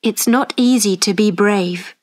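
A woman voicing a calm, kindly man who is a lawyer, speaking gently and reassuringly at a slow pace. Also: medium pitch, lightly acted.

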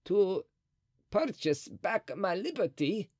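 A man voicing a scheming, frightened old Italian cardinal in an audiobook, with a shrill, crafty, nervous manner. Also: sing-song, slow pace, darkish tone, no room sound, studio quality, heavily acted. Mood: alarmed.

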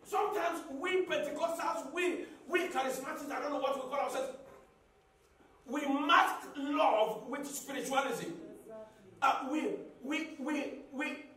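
A man preaching a sermon as a pastor, repeating phrases and building up to shouts. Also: very high-pitched, unhurried. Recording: echoey hall, mic at a distance.

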